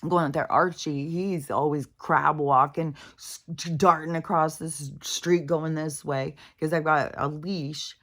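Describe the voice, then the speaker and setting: A woman vlogger rambles casually, venting and swearing freely while worn out and in pain, her talk full of fillers. Her voice is low and steady, a bit slow, with few pauses.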